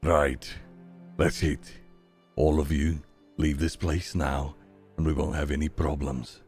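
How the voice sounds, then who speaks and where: Guy doing a menacing blue-skinned monster, deep and low, threatening warning. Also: level tone, slow pace, darkish tone, faint music behind. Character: blue-skinned grotesque male creature, menacing.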